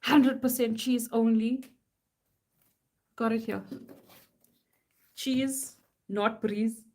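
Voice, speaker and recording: A woman's voice: fairly high pitch, steady tone, drawn-out words, a little mellow. A woman, chatting casually while she works on art. She reads silly slogans aloud in a playful, mock-serious chant. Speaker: artist live-streaming.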